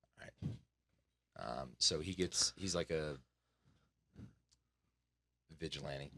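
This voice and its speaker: Deep-voiced rambling podcast guy. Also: slow, vocal fry, bright, forceful tone, slightly rough, dry recording. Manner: rambling storyteller, lots of "like". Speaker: podcast co-host. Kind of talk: casual chat.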